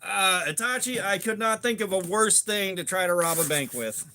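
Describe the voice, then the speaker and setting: An upbeat man in his forties with a Southern US drawl, chatting casually with livestream viewers and cursing freely. His voice sits high and sounds bright and forceful. A faint hiss and some clicks run underneath. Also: normal speed. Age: 40s. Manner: upbeat, swearing, greets viewers by name. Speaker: livestream host. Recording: faint background noise and clicks.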